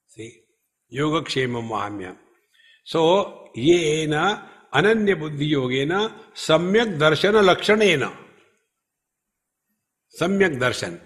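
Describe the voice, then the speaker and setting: Guy teaching scripture, slow and emphatic, chants verses, a bit higher voice. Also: a bit bright. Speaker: spiritual teacher. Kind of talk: scriptural discourse. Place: retreat hall.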